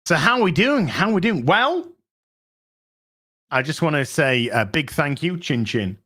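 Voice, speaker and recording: A man hosting a live stream, talking excitably to his chat, swearing freely as he reacts to the news. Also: on the high side, measured pace. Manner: excitable, swears, chats to viewers. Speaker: streamer host.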